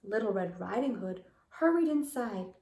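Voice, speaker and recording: A woman reading a fairy tale aloud to young children, expressive and dramatic. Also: medium pitch, moderate pace, far from the mic. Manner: expressive, gasping and wondering aloud. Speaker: preschool teacher. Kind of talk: storybook read-aloud for children. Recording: roomy echo.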